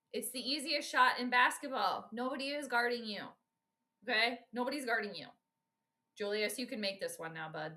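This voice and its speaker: A woman from Minnesota calls a game live, her voice bright and a little high, tossing out blunt, exasperated reactions as the plays unfold. She talks straight to her viewers in a casual, unscripted way. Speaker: host giving live game commentary. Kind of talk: casual live sports commentary.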